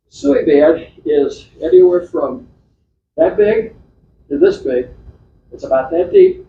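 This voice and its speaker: A man's voice: fairly high pitch, dark tone, a little hiss or hum. A man giving an informal slide talk at a club meeting, chatty and rambling, with many restarts and fillers. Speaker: club presenter. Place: meeting room. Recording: echoey, distant, dull club meeting recording.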